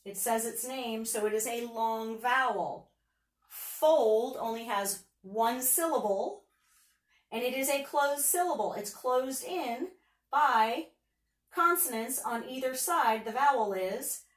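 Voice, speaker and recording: A woman's voice: on the high side, slow, roomy sound, recorded from a distance. A woman teacher giving a patient phonics lesson, sounding out letters and words for young students.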